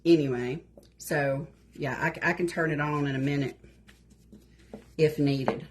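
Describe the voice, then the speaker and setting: A Southern-accented woman hosts a home craft live stream, talking in a relaxed, folksy way and calling viewers "y'all" as she works. Her voice sits on the lower side, and a steady hum of a heat tool runs underneath. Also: unhurried. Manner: chatty, folksy, says y'all a lot. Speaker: craft show host.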